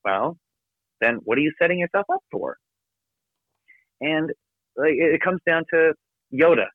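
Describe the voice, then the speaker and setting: A man giving an energetic, emphatic motivational talk from his office as a podcast guest. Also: on the high side, no room sound. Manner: energetic, emphatic, rapid coaching delivery. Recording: dry, phone-like narrow sound.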